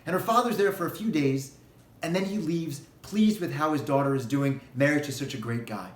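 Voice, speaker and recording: A man who, as a rabbi, gives a holiday sermon and tells a parable in an animated storytelling way. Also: a little high, brisk, roomy sound.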